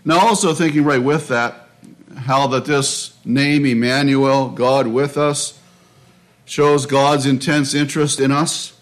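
A man preaching a sermon in a measured, reflective way, often restarting his phrases. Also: medium pitch, steady tone. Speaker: pastor.

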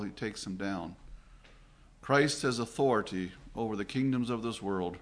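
A man's voice: lowish voice, moderate pace. A Canadian man preaching a sermon in an earnest, reflective way, with frequent restarts and fillers.

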